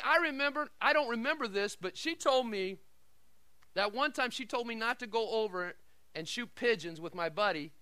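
High, bright, animated male preacher. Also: smooth, no room sound. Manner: animated storytelling, shifting between shouting and quiet asides. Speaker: pastor. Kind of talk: sermon.

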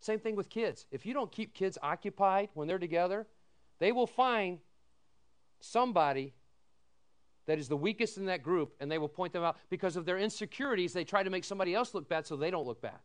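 Man preaching, middle-aged, high voice, smooth clear tone, folksy storytelling, asks "amen?". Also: expressive, fairly quick. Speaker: pastor. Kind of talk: sermon.

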